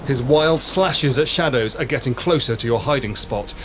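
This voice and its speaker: A man's voice: mid-range voice, normal speed. A man acting as game master, narrating a tabletop game dramatically. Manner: dramatic, storytelling. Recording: noisy podcast recording.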